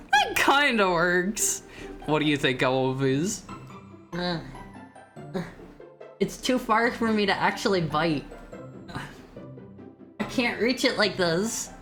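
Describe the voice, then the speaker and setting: A man's voice: sits high, sharp tone. A man streaming as a VTuber, chatting casually with his viewers in a playful, teasing way and often stumbling over his words. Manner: playful, stammering restarts, teasing chat. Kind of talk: casual live-stream chat.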